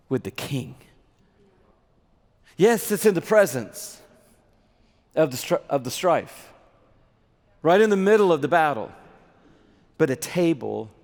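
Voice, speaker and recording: A man's voice: a little high, darkish tone. A man preaching a sermon in an earnest, conversational way, with a long hall reverb behind him.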